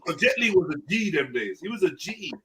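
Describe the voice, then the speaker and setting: A man hosts a live online panel over a video call, talking in easy street slang and swearing freely. His voice sits a little high and swings around a lot. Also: very animated, fairly quick, background noise. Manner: slangy, swearing, laughs often. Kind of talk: casual chat.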